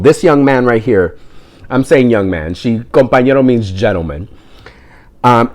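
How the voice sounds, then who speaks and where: A man's voice: medium pitch, moderate pace. Joking man telling a story. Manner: animated, joking, tangential; drops in Spanish words. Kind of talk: casual storytelling.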